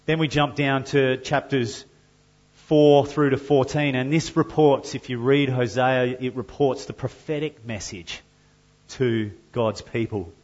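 A man preaching a sermon to his church, measured and earnest, with loud emphatic passages when he reads scripture. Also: mid-range voice, fairly even intonation, lo-fi sound. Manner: slow and deliberate, rising to loud emphatic scripture reading. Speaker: pastor.

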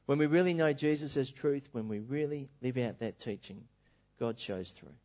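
A male preacher delivering a sermon in an animated, emphatic storytelling manner. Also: mid-range voice, moderate pace. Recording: dull lo-fi recording.

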